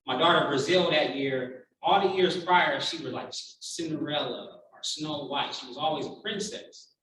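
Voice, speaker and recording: Man, 30s, keynote speaker; heartfelt, animated storyteller; bright tone, far off in a booming hall. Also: moderate pace, slight background noise. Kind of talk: personal storytelling keynote speech. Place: large conference room.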